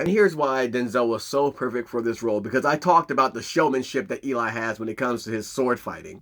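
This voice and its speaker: A man giving a casual movie recap in animated, slangy storytelling. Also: medium pitch. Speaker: movie commentator.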